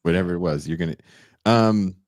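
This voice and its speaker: A man's voice: low-pitched, brisk, darkish tone, no room sound, clean studio sound. A man co-hosting a podcast, bantering, swearing and reading out viewer comments. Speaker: podcast co-host. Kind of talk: casual podcast chat reading super chats.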